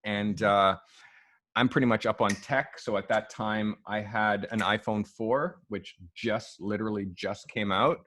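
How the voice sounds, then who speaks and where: A man, a photographer, telling long stories in a relaxed interview, full of fillers like "um" and "like". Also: lowish voice, measured pace, slight background noise. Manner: loose, animated storyteller who acts out quoted people; frequent fillers like "um" and "like". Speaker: photographer guest. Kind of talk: storytelling in a podcast interview.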